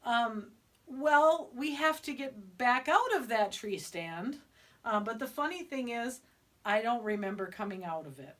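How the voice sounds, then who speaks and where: A middle-aged woman retelling a hunting trip in casual conversation, lively and vivid. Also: a little high, a little slow. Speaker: podcast co-host. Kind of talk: casual storytelling.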